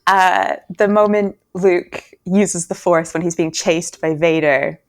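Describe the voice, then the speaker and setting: A woman's voice: on the low side, slow. A woman hosting a podcast discussion in casual chat, talking freely and giggling often between remarks. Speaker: podcast host.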